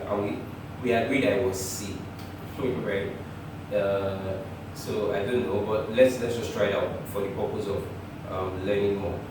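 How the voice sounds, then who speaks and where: A man teaching choir harmony, talking through the theory and now and then singing short phrases, sometimes in falsetto. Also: heavy reverb, distant mic, noisy background. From Nigeria. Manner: talks through theory, often breaks into sung phrases, chuckles. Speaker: music teacher. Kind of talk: choir harmony lesson with sung examples. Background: piano.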